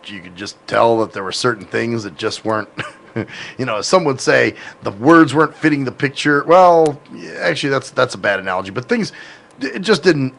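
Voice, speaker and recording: Male podcast host, gravelly, rambling and profane, casual tone. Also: medium pitch, animated, normal speed, a bit bright. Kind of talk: casual chat.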